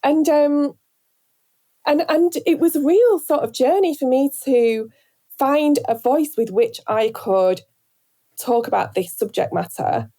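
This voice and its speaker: A woman from Northern England with a softened Northern accent, talking reflectively in an interview, searching for words with many pauses and restarts. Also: high voice. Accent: Northern English, softened. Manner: thoughtful, hesitant, many fillers and restarts. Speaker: radio presenter, guest.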